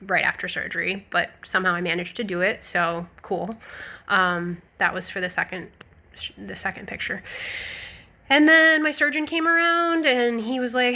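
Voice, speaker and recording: A young woman recounting a personal story in a loose, chatty way, with plenty of fillers along the way. Her voice is clear and bright with a forward edge, sitting at an ordinary middle pitch. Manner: chatty, rambling, lots of likes and ums. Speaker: vlogger. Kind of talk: casual storytelling.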